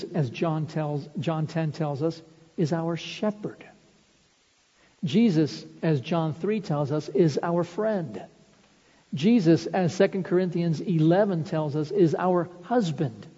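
A man's voice: on the high side, dark tone. A man preaching a sermon, earnest and explanatory, building his points with vivid everyday illustrations. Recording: reverberant hall, dull lo-fi sound.

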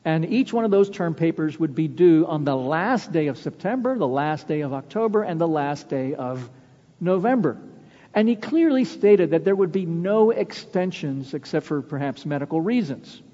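A man preaching a sermon, telling stories with earnest weight and slowing down to stress key words. His voice is mellow and dark, though a little higher than most men's. The recording sounds dull and lo-fi, with a long church reverb trailing each phrase. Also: animated. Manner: earnest storytelling preacher, slows for emphasis. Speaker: pastor. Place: church sanctuary.

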